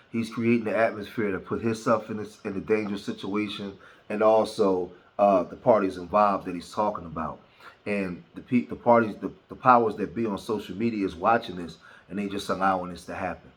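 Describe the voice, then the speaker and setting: A male commentator speaking with indignation, often restarting and pausing with fillers. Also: sits low, fairly bright tone. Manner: indignant, stumbling over words, with frequent fillers.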